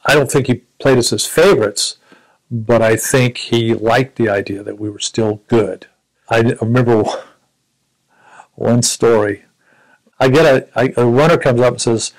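Gravelly older man telling memories. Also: mid-range voice, steady tone, low-quality recording. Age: 70s. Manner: reflective, halting storytelling with frequent restarts. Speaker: Vietnam War veteran interviewee. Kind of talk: recounting personal memories.

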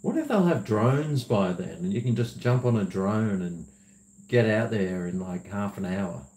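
A man's voice: fairly low pitch, animated, a little slow, darkish tone, slight background noise. A man who hosts a livestream, chatting casually, rambling and laughing as he reads viewer messages. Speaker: livestream host. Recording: roomy echo.

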